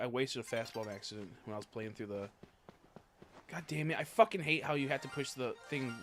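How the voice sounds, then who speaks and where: A young man streaming a video game in casual chat, swearing a lot and swinging from low mumbles to loud frustrated outbursts. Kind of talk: casual gaming livestream chat.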